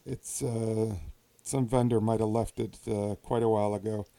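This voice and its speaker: A man co-hosting a casual podcast over drinks, talking haltingly with many ums and frequent laughs. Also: on the low side, level tone, gravelly, mellow, no room sound. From Wisconsin. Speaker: podcast co-host.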